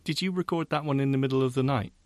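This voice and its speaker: Teasing, lively podcast man. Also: medium pitch, fast talker, dry recording. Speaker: podcast co-host. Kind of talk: casual chat.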